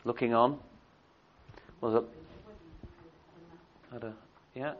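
A man's voice: mid-range voice, steady tone, takes it slowly. A man giving an evening church history talk to a congregation, speaking conversationally with many fillers and restarts and asking the audience questions. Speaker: church teacher. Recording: dull lo-fi recording.

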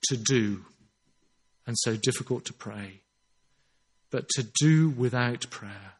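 A man preaching a sermon in an earnest, emphatic way, slowing down on his key phrases. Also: medium pitch.

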